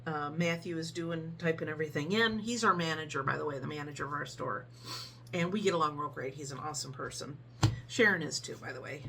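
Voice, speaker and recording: A woman telling a story casually in a vlog, animated and acting out the people in it. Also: sits low, a little hiss or hum. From Ohio, USA.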